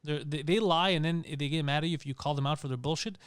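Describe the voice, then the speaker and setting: A man's voice: a little high, fast talker, clear, resonant tone, no echo, clean studio sound. A man co-hosting a comedy podcast, ranting in casual, profane banter. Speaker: podcast co-host.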